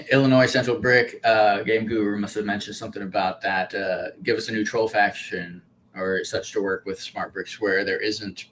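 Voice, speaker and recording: A man's voice: on the low side, fairly even intonation, normal speed, a bit bright, a little hiss or hum. A man hosting a casual livestream podcast, talking in long, hesitant, rambling runs and reading out viewer comments. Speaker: podcast host.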